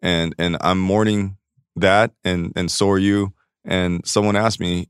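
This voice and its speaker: A man's voice: low voice, flat delivery, unhurried, smooth, dry recording, studio quality. A man speaking candidly as a podcast guest, searching for words and swearing freely. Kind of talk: candid conversation.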